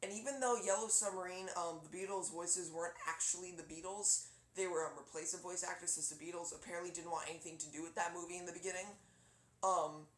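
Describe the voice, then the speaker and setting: A man's voice: high-pitched, fairly even intonation, fast, fairly bright tone, a little hiss or hum. A young man, a hobby voice actor, chatting casually and rambling about his character voices. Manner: rambling, chatty, many fillers. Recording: roomy echo.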